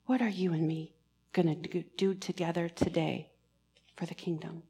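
A woman giving a sermon in church, earnest and pastoral, moving between emphatic lines and hushed, almost whispered ones. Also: on the low side, steady tone, moderate pace, slightly rough. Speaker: preacher.

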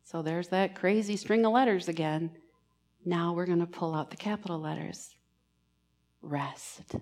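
Woman preacher in a church, earnest, goes quiet and hushed then emphatic again. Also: on the low side, fairly even intonation, normal speed. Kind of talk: sermon.

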